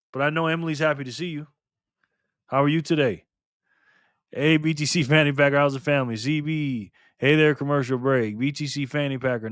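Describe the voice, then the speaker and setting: A man with a fairly high voice hosts a casual live stream and warmly greets each viewer by name. His voice is close and dry, and his talk swings between lively greetings and slow, earnest remarks. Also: clean tone, no room sound. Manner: greets chat viewers one by one, lively and upbeat; slow and earnest when speaking of freedom and tyranny.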